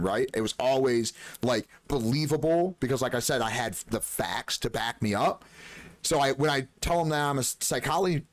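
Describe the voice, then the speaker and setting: A man streaming live, telling gaming stories in an animated, profane way and acting out the dialogue. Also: mid-range voice, no room sound. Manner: animated storyteller, swears freely, acts out dialogue. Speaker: game streamer. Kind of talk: casual live-stream chat.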